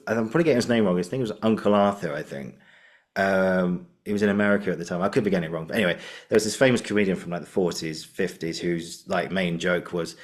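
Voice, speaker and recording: A male podcast host chatting casually, excitable, laughing often and jumping between thoughts. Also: sits low. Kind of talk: casual conversation.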